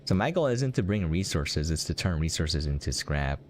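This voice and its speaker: A young American man with a bass voice live-streams a game and chats casually, rambling and laughing often as he answers his chat. He speaks in a sing-song, slightly mellow way at a moderate pace, with a little background noise.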